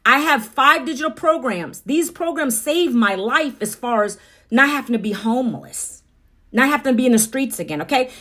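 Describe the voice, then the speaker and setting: A woman's voice: high-pitched, animated, normal speed, a bit bright. A middle-aged woman hosting a casual livestream, chatty and upbeat, talking straight to her viewers on her phone. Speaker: livestream host.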